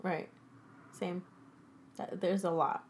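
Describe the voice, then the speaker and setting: A young woman speaking as a podcast guest, talking casually with many fillers and pauses. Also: lowish voice, flat delivery. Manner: hesitant, many fillers, laughs easily. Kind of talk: casual conversation.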